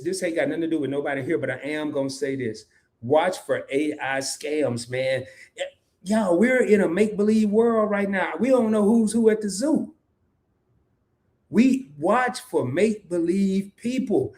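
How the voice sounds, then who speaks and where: With a high-pitched yet darkish voice, a man runs a casual live talk stream. He reads out comments, breaks into laughter often, and repeats certain lines for emphasis.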